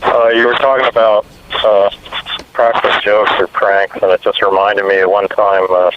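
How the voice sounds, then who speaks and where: A man calling into a radio show, telling an anecdote in a relaxed way. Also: lowish voice, moderate pace. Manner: relaxed storytelling. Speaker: caller. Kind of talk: phone-in story. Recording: muffled phone line with hiss.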